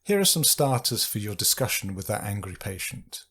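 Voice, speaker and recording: Husky man narrating a training video. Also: lowish voice. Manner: calm, measured, reads out example phrases. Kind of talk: instructional voice-over.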